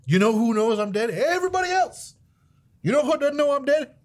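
Guy with a high voice going off on a rant, swearing a lot, casual talk. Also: fairly quick. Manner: profane, animated ranting with sudden loud outbursts. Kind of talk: casual chat.

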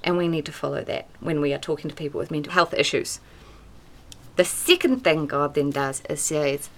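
A woman talks through a devotional podcast in a plain, conversational way. She is earnest and direct, stressing points firmly before softening into quiet, gentle phrases. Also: deep voice, moderate pace. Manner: earnest, conversational, swings from emphatic to soft and quiet. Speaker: podcast host teaching on the Bible.

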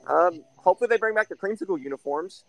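A man's voice: high voice, lively intonation, quick pace, gravelly, no echo, poor audio. A man co-hosting a casual sports podcast from a backyard, bluntly breaking down team records and stats. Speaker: podcast co-host. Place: backyard, outdoors.

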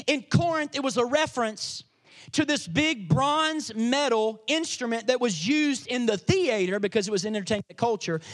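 A male pastor delivering a sermon with a strikingly high-pitched voice. He preaches with energy and drama, shifting between loud emphatic lines and quiet asides.

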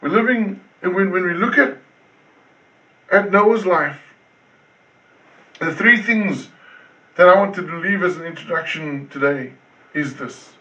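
A male pastor preaching a sermon, driving points home with repeated words and swinging between loud and hushed. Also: high voice, measured pace, pauses often. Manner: preaching with emphatic repetition, rising and falling intensity. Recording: distant, dull lo-fi sound.

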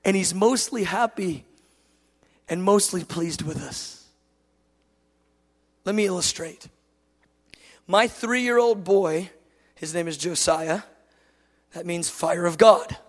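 A man in his thirties preaching a sermon, moving between loud passionate declarations and soft, tender storytelling. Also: high voice, takes it slowly, long pauses. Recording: long hall reverb.

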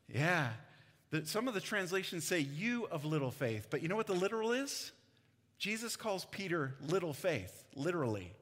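A man's voice: sits high, a bit bright. A man preaching a conversational sermon as pastor, laughing often between his points. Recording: long hall reverb.

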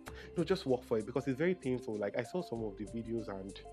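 Speaking quickly and with animation over music, this young Nigerian man delivers a casual monologue on his own. His pitch is medium, and he is chatty and emotional, often stopping mid-sentence to correct himself.

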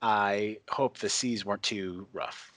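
A man's voice: fairly low pitch, steady tone, a bit bright, dry recording. Daenerys, a commanding young queen, read by a man. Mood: regal. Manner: formal, measured read-aloud delivery.

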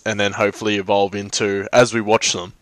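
A man's voice: fairly low pitch, flat delivery, a little fast, a bit bright, no room sound. A man hosting a casual podcast, rambling with fillers and restarts. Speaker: podcast host. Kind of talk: casual chat.

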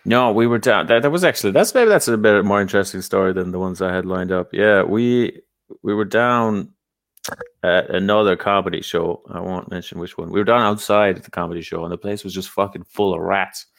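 An Irish comedian telling profane, laughing party stories in a casual chat. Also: male voice, low voice, a little fast, creaky, no echo. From Ireland. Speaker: comedian podcast host.

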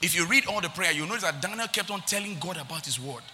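A male preacher delivers an emphatic sermon, repeating his points and reading scripture aloud. His voice sits high and very bright, and it rings with a long reverb in the hall. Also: expressive, fast.

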